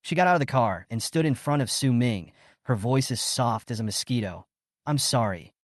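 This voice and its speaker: A man reading a scripted story recap as its narrator, in a steady storytelling manner. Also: medium pitch, fairly quick, no room sound, clean studio sound.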